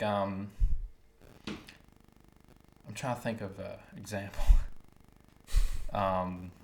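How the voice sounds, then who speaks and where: A man's voice: fairly low pitch, fairly bright tone. A man with a Wilmington, North Carolina accent, co-hosting a casual podcast, rambling and searching for words. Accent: Wilmington North Carolina Southern. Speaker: podcast co-host. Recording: echoey room.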